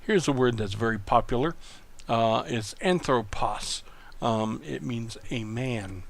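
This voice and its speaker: A man teaching a recorded online Greek lesson, explaining slowly and patiently, with many pauses and ums. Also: mid-range voice, animated, creaky. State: coughing. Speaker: Greek tutor.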